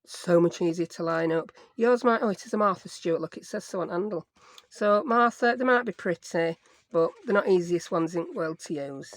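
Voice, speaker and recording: A woman's voice: on the low side, moderate pace, no room sound. Chatty woman crafting. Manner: chatty, self-mocking, talks to herself while working. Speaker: crafting YouTuber. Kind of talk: casual craft tutorial.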